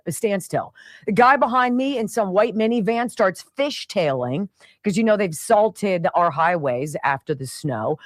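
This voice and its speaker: Animated, chatty woman radio host. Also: mid-range voice, no echo, clean studio sound. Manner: chatty, animated storytelling with sound effects and laughs. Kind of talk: casual monologue. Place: radio studio.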